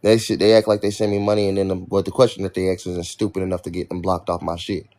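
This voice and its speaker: Irritated young man, rapid profane rant, livestream host talking to chat. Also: sits low, little pitch movement, a little mellow. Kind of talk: ranting livestream talk to chat.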